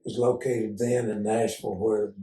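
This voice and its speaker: An older man from Oklahoma, telling folksy stories as an interview guest and pausing often on "uh". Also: fairly low pitch, flat delivery, warm tone. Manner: folksy, unhurried storyteller with frequent "uh" pauses. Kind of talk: casual storytelling interview. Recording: roomy sound from a distance.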